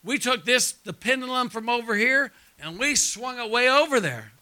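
Male preacher; high, forceful delivery, call-and-response sermon. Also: animated, moderate pace. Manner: drops quiet and hushed when telling his testimony. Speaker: pastor.

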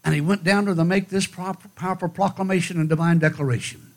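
A man's voice: high-pitched, fairly even intonation, fast talker. A man preaching a fiery revival sermon at a church conference, with emphatic, rhythmic repetition. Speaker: guest preacher.

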